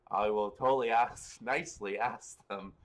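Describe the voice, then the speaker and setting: A man's voice: on the low side, normal speed. A man hosting a casual spiritual livestream, rambling and correcting himself as he answers viewers in the chat. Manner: rambling, self-correcting, chuckles often. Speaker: livestream host and spiritual reader.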